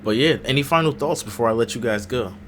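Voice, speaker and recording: A man hosting a casual podcast chat, laid-back and chatty with quick asides. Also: mid-range voice, fairly bright tone, slight background noise. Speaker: podcast host.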